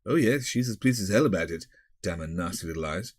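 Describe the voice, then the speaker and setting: Man reading as a glib, rueful rascal, offhand, lowish voice, dry sound. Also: lively intonation, quick pace, slightly rough, no echo.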